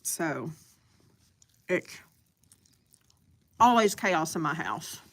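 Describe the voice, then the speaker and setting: A woman's voice: deep voice, sing-song, drawn-out words, fairly bright tone, husky. A woman hosting a live stream, chatting casually and eating as she talks.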